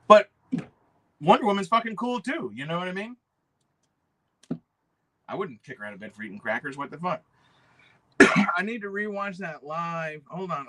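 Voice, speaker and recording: Guy rambling on his livestream, swears a ton, kinda high bright voice. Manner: rambling, profane, reads chat aloud. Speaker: livestream host. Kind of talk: casual livestream chat.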